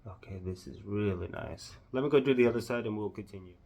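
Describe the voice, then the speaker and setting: A man with a Southern US accent narrating a makeup tutorial, gushing with drawn-out exclamations. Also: lowish voice, vocal fry, darkish tone. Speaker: makeup vlogger.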